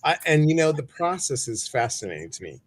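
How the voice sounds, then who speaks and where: A man's voice: on the high side, sing-song, a little fast, slight background noise. A man hosting a live stream, chatting casually, greeting viewers and reading their comments, with many fillers. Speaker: host.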